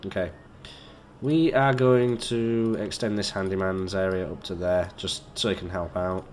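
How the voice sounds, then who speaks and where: A man's voice: low voice, steady tone, a little slow, a little mellow. A man giving let's play commentary, chatty and joking, swearing and talking to himself as he builds. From Britain. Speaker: gamer.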